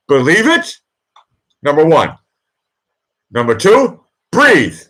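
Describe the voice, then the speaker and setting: A man's voice: sing-song, normal speed. A man with a Boston accent, hosting a live chat and coaching a nervous guest with repeated mantras. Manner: emphatic, repetitive coaching, swings loud and high on mantras. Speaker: host and producer. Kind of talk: live chat pep talk.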